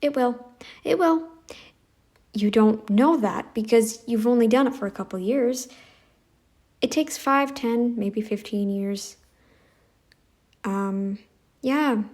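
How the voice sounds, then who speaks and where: A woman's voice: a little high, slow, long pauses, darkish tone. A woman giving sarcastic reaction commentary in a blunt, mocking, scornful way, recorded on a phone mic.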